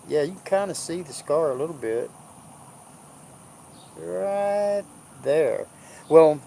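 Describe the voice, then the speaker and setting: A man's voice: fairly high pitch, vocal fry, a little mellow, slight background noise. A man chatting casually at home, jovial and rambling, drifting off track as he tells stories. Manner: jovial, rambling, drawling storyteller. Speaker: vlogger. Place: indoors at home.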